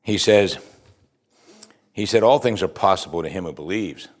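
A man's voice: sits low, normal speed. A man preaching a sermon, reading scripture aloud and stopping to comment, talking conversationally and asking his listeners questions. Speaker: pastor.

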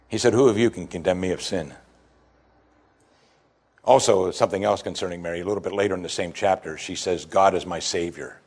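A man preaching a sermon, emphatic and animated, acting out quoted lines from the scripture. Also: low voice, breathy edge. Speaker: pastor.

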